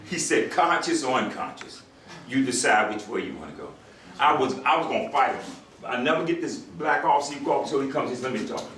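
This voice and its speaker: An older man, a retired marshal, tells a story to an audience at a quick pace with a medium-pitched voice. He animates it by acting out the other voices and laughing along with the crowd. The recording comes from afar in an echoey hall.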